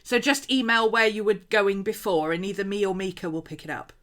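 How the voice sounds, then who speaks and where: A woman's voice: mid-range voice, steady tone, brisk, fairly bright tone. A woman hosting a casual craft livestream at home, rambling chattily with frequent laughs and asides while she paints. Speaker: host.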